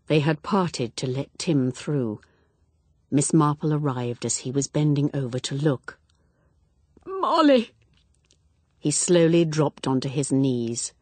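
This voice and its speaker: A woman narrating a mystery novel in a measured, expressive storytelling voice. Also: very deep voice, dry recording. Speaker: audiobook narrator. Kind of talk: scripted narration.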